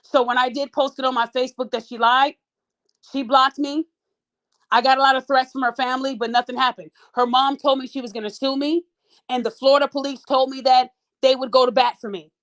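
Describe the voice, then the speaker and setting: A podcast host with a high, bright woman's voice tells her listeners a story at a fairly quick clip. She sounds casual and animated, repeatedly addressing them as "y'all."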